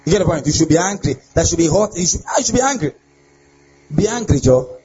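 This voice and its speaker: A young adult man, a pastor, preaching a lively sermon on relationships and often asking his listeners if they get the point. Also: on the high side, quick pace, breathy edge. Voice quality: animated preaching with laughs and repeated rhetorical questions. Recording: dull lo-fi sound with faint ambience.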